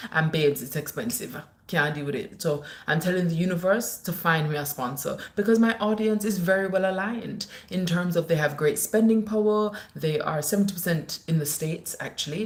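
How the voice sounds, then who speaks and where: Lively woman chatting on a livestream. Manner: animated, teasing, laughs often, swings between high playful and low asides. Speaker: livestream host. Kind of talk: casual live-stream chat reading comments. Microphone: phone.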